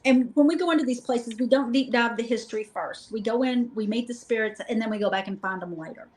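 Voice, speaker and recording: A middle-aged woman guest, telling lively, joking stories about a paranormal investigation in a casual chat. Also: a little high, quick pace, poor audio. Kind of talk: casual storytelling.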